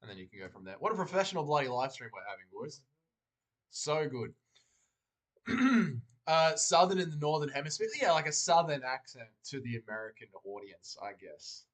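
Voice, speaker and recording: A man's voice: a little high, sing-song, normal speed, a bit bright. A man hosting a casual livestream, joking and rambling while reading chat aloud from a desk mic. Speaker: livestream host.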